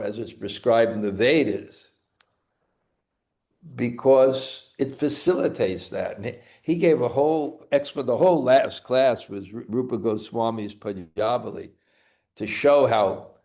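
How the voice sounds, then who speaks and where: In a darkish, medium-pitched voice, a spiritual teacher with a Brooklyn accent gives a scripture class. His speech keeps breaking off, with repeated words and frequent restarts.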